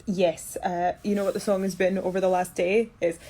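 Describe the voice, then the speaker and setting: Scottish actress, sleepy low-key fan Q&A, chatty and relaxed, indoor room. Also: female voice, moderate pace. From Scotland. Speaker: actress answering fan questions. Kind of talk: casual Q&A chat. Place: indoor room during quarantine.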